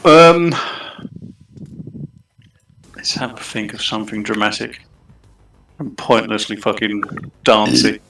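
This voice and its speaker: A man's voice: on the low side, slow pace, creaky, pauses often, a bit bright, a little hiss or hum. A man playing a tabletop game, playfully describing his character's moves. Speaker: player. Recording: roomy, distant from the mic.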